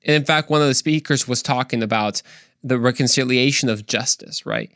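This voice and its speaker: A young man hosting a podcast, talking casually about faith in an energetic, preachy and joking way. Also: medium pitch, brisk, smooth, no room sound, studio quality. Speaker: podcast host.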